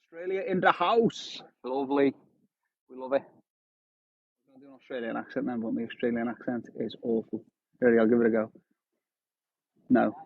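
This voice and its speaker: Streaming from a windy shoreline by phone, a man in his thirties fishes and chats casually in a husky, mid-range voice with vocal fry. He speaks a little fast with little pitch movement but leaves long pauses, and the audio is dry and tinny.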